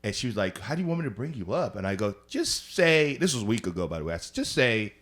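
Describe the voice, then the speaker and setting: Comedian guest, man, lively swooping pitch, acts out quotes, laughs a lot. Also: fast. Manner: animated, laughing storyteller acting out quotes. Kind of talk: casual storytelling chat.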